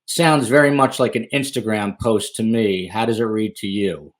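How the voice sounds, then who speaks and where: A man's voice: on the low side, normal speed. A man hosting a podcast interview, chatty and self-deprecating, wandering into asides. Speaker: podcast host.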